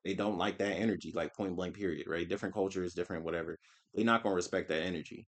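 A man's voice: sits low, steady tone, quick pace. A man giving casual, slangy reaction commentary with lots of swearing. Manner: slangy, emphatic, swears a lot. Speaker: reaction streamer.

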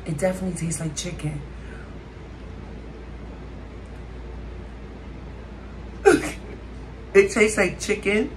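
A woman's voice: lowish voice, fast, hardly any pauses, a little hiss or hum. A woman vlogger, chatting dramatically to her viewers during a mukbang. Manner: chatty, dramatic, keeps addressing viewers as y'all. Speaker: food vlogger. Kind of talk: casual mukbang chat to viewers.

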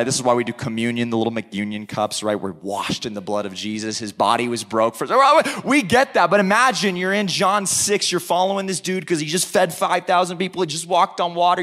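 A young man preaching as a youth pastor in a church service, excited and animated, with frequent restarts. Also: fairly high pitch. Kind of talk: sermon.

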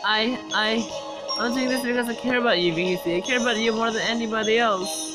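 A woman's voice: a little high, fairly quick, natural voice, rough recording. A woman voicing a young goat-monster boy, a remorseful crybaby, reading game dialogue aloud in a pleading, tearful way. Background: loud game music.

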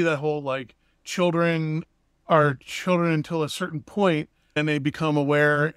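A man's voice: on the high side, fairly bright tone, clear, resonant tone, no room sound, studio quality. A man co-hosting a casual discussion podcast, reasoning his points aloud in a loose, conversational way. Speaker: podcast co-host.

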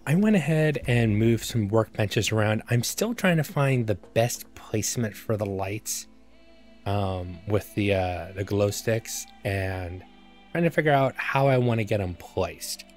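A man's voice: lowish voice, lively intonation, a little slow, soft background music. A man giving casual let's-play commentary as a gaming YouTuber, rambling and self-mocking as he thinks aloud.

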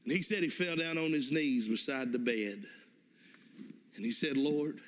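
A man's voice: mid-range voice, lively intonation, moderate pace, a bit bright. A man preaching a sermon, telling a story and praying with fervent, emphatic repeated exhortations. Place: church sanctuary. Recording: long reverb of a church hall.

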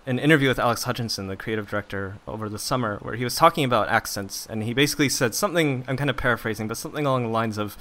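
A man's voice: medium pitch, rapid-fire, few pauses, sharp tone. A man hosting a podcast interview, asking long, hedging questions full of "kind of.". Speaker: podcast host.

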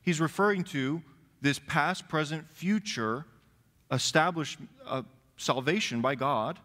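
A man's voice: mid-range voice, fairly bright tone. A man pastor giving a sermon, reading scripture aloud and stressing key words. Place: church sanctuary. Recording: long reverb of a church hall.

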